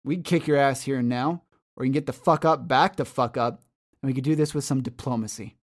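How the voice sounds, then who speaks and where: A man's voice: mid-range voice, quick pace, close to an everyday voice. A man doing a blunt, foul-mouthed thug. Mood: threatening. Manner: curt, swearing, threatening. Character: hostile blunt male red-cloak thug.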